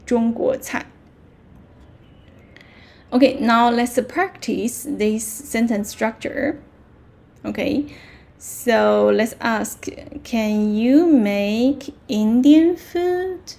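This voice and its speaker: Woman teaching, super slow, kinda gravelly and mellow, says everything twice. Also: fairly high pitch. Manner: repeats words slowly, checks with "okay?". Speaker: Chinese language teacher. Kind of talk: slow, patient language lesson.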